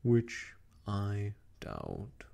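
A man voicing a gloomy old male donkey, talking slowly and mournfully in a whispered role-play. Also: on the low side, wildly swooping pitch, creaky, mellow, heavily acted. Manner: slow, mournful, self-pitying sighs.

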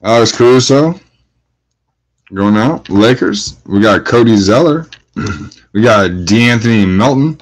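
A man's voice: on the low side, expressive, measured pace, long pauses, poor audio. A man hosting a trading card break, calling out each card and greeting viewers, getting hyped at big pulls. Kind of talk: live card-breaking commentary.

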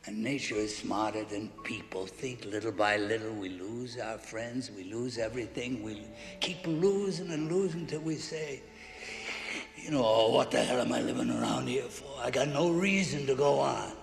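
Actor plays an older trainer: gravelly, blunt, streetwise; roomy film audio, score beneath. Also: male voice, mid-range voice, moderate pace, lightly acted. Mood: tender. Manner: street slang, rough and blunt. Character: gruff old male boxing trainer, devoted mentor. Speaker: boxing trainer. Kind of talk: film drama acting. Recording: echoey room with score music.

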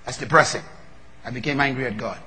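A man preaching a sermon, moving from low, measured talk to loud, fervent preaching. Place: large hall. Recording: long reverb of a large hall.

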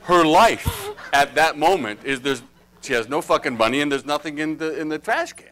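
A man's voice: fairly high pitch, animated, moderate pace, noisy background. Playful, profane male acting coach. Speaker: acting teacher. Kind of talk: live acting workshop coaching. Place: workshop room before a live audience.

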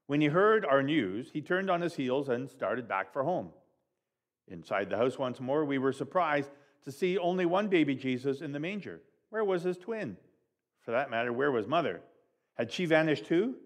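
A man reading a Christmas story aloud expressively at a children's time in church, with big swings in pitch and loudness.

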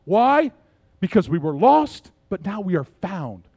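A middle-aged male pastor preaching a sermon, swinging between soft, low passages and loud, emphatic ones. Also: sing-song, measured pace, creaky, no room sound.

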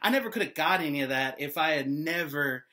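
A man's voice: on the high side, expressive, fairly quick, sharp tone. A young man talking casually to the camera, joking and rambling with lots of "like" and "y'all". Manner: rambling, joking, heavy use of "like". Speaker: vlogger. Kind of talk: casual monologue.

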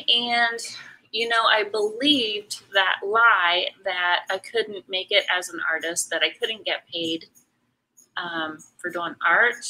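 A middle-aged woman chats at a slow, easy pace while she paints, with a bright, forward tone. She rambles, stops to answer comments and is full of ums and restarts. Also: mid-range voice, low-quality recording. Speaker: artist hosting a live painting stream. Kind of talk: casual chat while painting.

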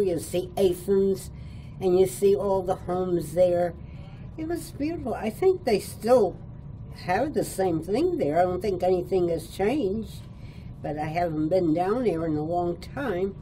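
An older woman born in Italy recalls her childhood in an interview at a care home, chuckling now and then. She speaks very slowly, with a mellow, slightly low voice. A faint hiss sits behind her. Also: poor audio. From born in Italy, raised in New York State. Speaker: oral history interviewee. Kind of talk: reminiscing storytelling.

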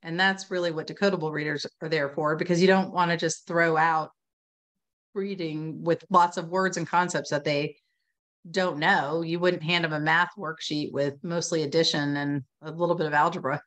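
A chatty woman on a video call, her voice sitting on the lower side. She talks in an animated, storytelling way, peppered with fillers. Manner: chatty, lots of "you know" and "like", animated storytelling. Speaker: reading instruction expert. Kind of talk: casual webinar conversation.

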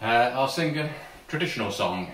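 A man's voice: medium pitch, expressive, moderate pace, a bit bright. A man in a folk session, introducing his next song in a friendly, informal way and inviting listeners at home to join in. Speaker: folk singer. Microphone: smartphone. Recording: roomy phone recording from a distance.

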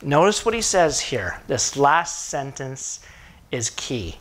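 A man's voice: medium pitch, very animated, slow, a bit bright. A middle-aged male pastor preaching a sermon, telling a story with animation and asking the congregation questions.

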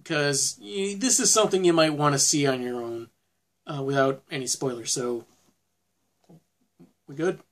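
A man's voice: on the high side, measured pace, long pauses, a bit bright. A man giving a casual spoken film review, rambling with frequent restarts and fillers.

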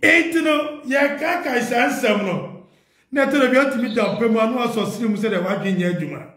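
A Ghanaian-accented man with an extremely high, fairly bright voice makes an earnest, pleading appeal to party leaders, speaking expressively and fairly quickly. His impassioned plea mixes Twi with English, recorded in an echoey room.

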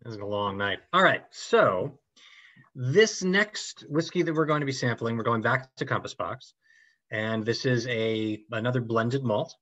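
A man's voice: mid-range voice, measured pace, fairly bright tone, dry recording. Man explaining whisky on a dull call. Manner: knowledgeable, conversational. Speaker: whisky tasting presenter. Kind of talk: informal explanatory talk. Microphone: video call. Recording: dull, dry call audio.

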